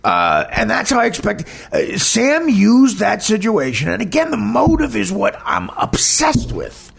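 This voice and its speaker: A man's voice: sits high, huge pitch swings, a little slow, creaky, fairly bright tone, breathy edge. A man, a comedian hosting a podcast, telling a candid personal story in a blunt, emphatic, heated way.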